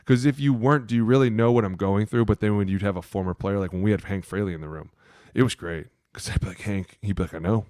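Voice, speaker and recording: A man in his thirties co-hosts a casual football podcast, his voice a bit low and recorded close and dry. He talks in a profane, animated way, slipping into shouted impressions of coaches as he tells stories. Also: quick pace, no echo. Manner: profane, animated storytelling, acting out coaches' yelling. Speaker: podcast co-host, former offensive lineman. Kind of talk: casual sports podcast chat.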